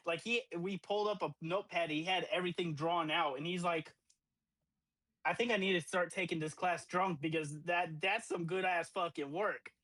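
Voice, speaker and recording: A young man in his twenties, co-hosting a podcast and telling a profane, animated party story with acted-out quotes. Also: high-pitched, normal speed, no echo, low-quality recording. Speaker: podcast co-host. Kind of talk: casual storytelling.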